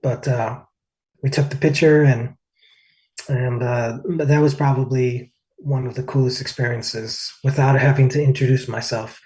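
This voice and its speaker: Chatty man telling stories, middle pitch. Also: fairly even intonation, a little slow, darkish tone, poor audio. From United States. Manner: rambling, lots of "like" and "uh". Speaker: interview guest, singer. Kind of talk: casual storytelling.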